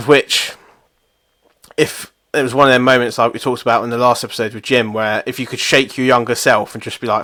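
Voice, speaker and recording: A man's voice: mid-range voice, fairly even intonation, normal speed, fairly bright tone, no room sound. Young male co-host, sweary self-mocking storyteller, close dry mic. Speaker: podcast co-host. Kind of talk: casual chat.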